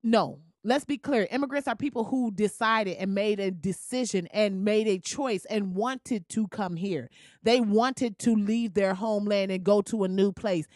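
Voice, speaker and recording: A woman's voice: medium pitch, a little slow, darkish tone, no echo, clean studio sound. Heated profane woman ranting. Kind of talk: profane rant.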